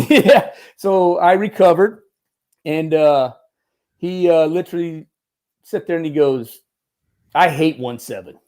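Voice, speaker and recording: A middle-aged man with a fairly high speaking voice, spinning animated anecdotes with frequent laughs. He talks loosely, stumbling into restarts and acting out the voices of people in his stories. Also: slow, long pauses. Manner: animated storyteller, laughs often, restarts sentences. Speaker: guest, former Marine turned film military advisor. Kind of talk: casual storytelling interview.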